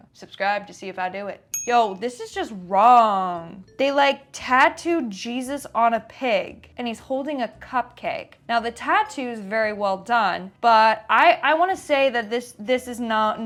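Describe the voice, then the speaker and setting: A woman's voice: medium pitch, a bit bright. A woman hosting a comedic reaction video, chatty and sarcastic with playful asides. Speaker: host.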